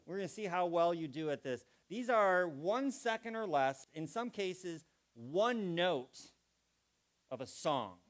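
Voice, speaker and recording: A guest speaker at a spiritual community gathering, a man with a high-sitting voice, talks in an animated but unhurried way. His talk to the live congregation is playful and interactive, acting out vocal inflections and quizzing the audience.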